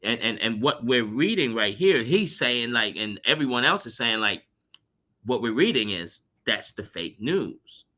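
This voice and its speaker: A man's voice: mid-range voice, sing-song, a little slow, pushed and bright. A man on a podcast panel talking casually, rambling with lots of "you know" and "right?" asides. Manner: rambling, many fillers like "you know" and "right?", laughs at his own points.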